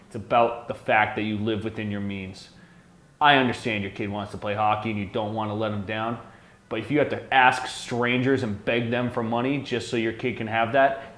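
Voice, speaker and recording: Crude ranting Canadian man. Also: medium pitch. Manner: crude, swearing, gets loud and heated. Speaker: talk show host. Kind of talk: blunt pub-talk rant. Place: pub. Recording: echoey pub room.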